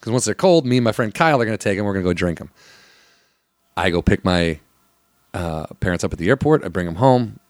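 A man's voice: lowish voice, animated, fast, pauses often, no room sound, studio quality. A man telling stories in casual chat, joking and profane.

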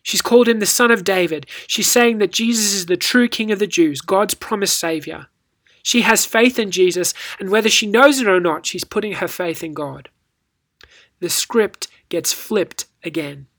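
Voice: medium pitch, normal speed, a bit bright. Teacher telling a story. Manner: storytelling, rhetorical, reads scripture with acted inflection. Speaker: Bible teacher. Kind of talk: scripted Bible devotional talk.

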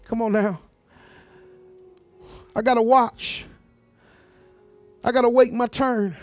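High-voiced preacher man, emphatic and repetitive. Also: steady tone, slow, no room sound, soft background music. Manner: emphatic, repeats words, talks straight to the congregation. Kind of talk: sermon.

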